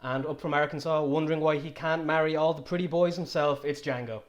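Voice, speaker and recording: A man's voice: fairly high pitch, steady tone, fairly quick. A man in his twenties hosting a casual podcast chat, full of teasing banter. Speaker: podcast host.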